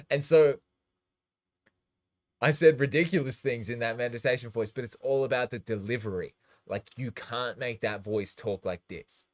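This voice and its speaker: Man, lowish voice, casual livestream chat, rambling, loose, swears casually. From Australia. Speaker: DJ and livestream host.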